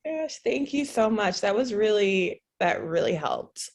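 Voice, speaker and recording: A woman client on a coaching call, grateful and upbeat, talking quickly with fillers. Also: medium pitch, sing-song, vocal fry. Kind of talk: casual talk on a coaching call.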